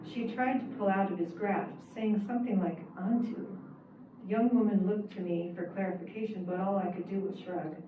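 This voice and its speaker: A woman reads her own first-person novel aloud in a measured, wry manner. She sounds far from the mic in a very echoey space. The sound is thin and phone-like, with faint hiss behind it. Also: medium pitch, fairly even intonation. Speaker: author reading her novel. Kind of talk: first-person fiction reading. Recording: echoey, distant, phone-like and hissy.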